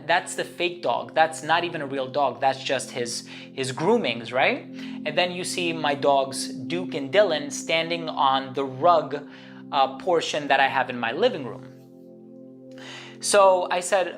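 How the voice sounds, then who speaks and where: Lady vlogger rambling through a story, low voice, guitar playing behind. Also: fairly bright tone. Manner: chatty, rambling, many fillers and restarts. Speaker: channel host. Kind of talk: casual storytelling to camera. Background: guitar music.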